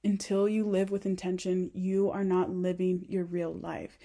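A woman's voice: lowish voice, level tone, unhurried, vocal fry, dark tone. A young adult woman giving an earnest, rambling self-help monologue to camera, full of "like" fillers. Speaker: vlogger.

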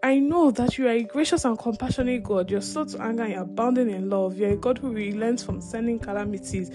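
A woman's voice: fast talker, music in the background, close to an everyday voice. A woman voicing an indignant grown male prophet who rants at God in a raised, complaining voice. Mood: ranting. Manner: high-pitched complaining rant.

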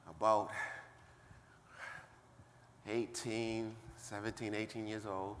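A man preaching a sermon, calling out to the congregation and building up to shouting. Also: on the low side, in a large hall, slight background noise.

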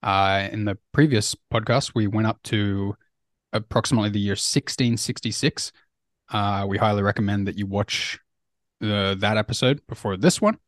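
Sex: man. Role: podcast co-host. Pitch: somewhat low. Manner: loose and chatty with "uh" and "like" fillers. Sound: dry, close mic. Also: moderate pace, dry recording. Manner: casual, with "uh" and "like" fillers and light laughs. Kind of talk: casual podcast conversation.

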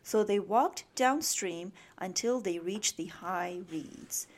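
A woman reading a bedtime story aloud to children in a gentle, soothing manner. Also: medium pitch, slow.

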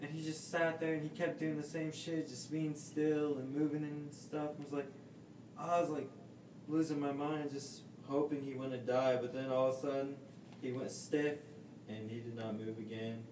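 A man co-hosting a casual podcast, telling a story in an animated way and swearing freely. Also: fairly high pitch, moderate pace, reverberant, recorded from a distance, background noise. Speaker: podcast co-host. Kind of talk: casual chat.

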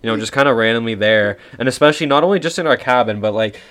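A young man in casual podcast chat, talking in a relaxed way with many fillers. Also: medium pitch, racing, smooth. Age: young adult. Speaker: podcast co-host.

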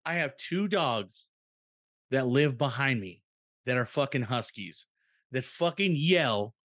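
Casting: mid-pitched man, relaxed co-host, crude and chatty, dry sound. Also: no echo. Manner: laid-back, swearing, quick asides. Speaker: podcast co-host. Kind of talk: casual chat.

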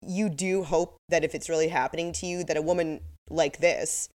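Lower-voiced, sarcastic woman podcast co-host. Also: fairly even intonation, moderate pace, darkish tone. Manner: dry, sarcastic, laughs at her own jokes. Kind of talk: casual chat recapping a TV episode.

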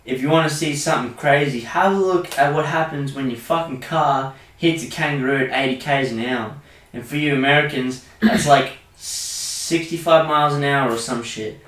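A man's voice: a little high, normal speed, far from the mic. A young Australian man co-hosting a casual podcast, ranting crudely with lots of swearing. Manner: crude, animated rants full of swearing. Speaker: podcast co-host. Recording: echoey room, off-mic.

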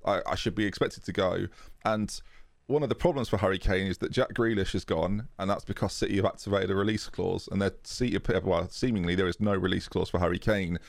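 A man's voice: sits low, fairly even intonation, a little fast, creaky, no room sound. A British man co-hosting a podcast, chatting casually and jokily about football in a rambling way. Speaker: podcast co-host.

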